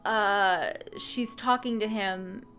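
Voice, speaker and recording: A woman's voice: medium pitch, takes it slowly, a bit bright, soft background music. Chatty woman recapping a game story. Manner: chatty, full of fillers and restarts. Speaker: game channel host.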